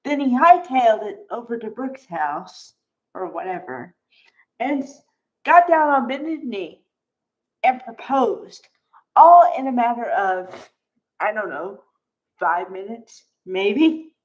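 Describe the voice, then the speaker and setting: A woman's voice: a little high, lively intonation, slow, darkish tone, muffled recording. A woman casually recapping a soap opera episode, chatty and exclamatory, acting out the characters' lines. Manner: chatty, exclamatory, acts out quotes.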